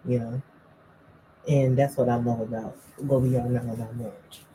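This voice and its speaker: Relaxed wife chatting about marriage. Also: female voice, extremely low pitch, normal speed, slight background noise, rough recording. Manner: relaxed, fills speech with "you know". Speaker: co-host, wife. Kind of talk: casual couple's chat about marriage.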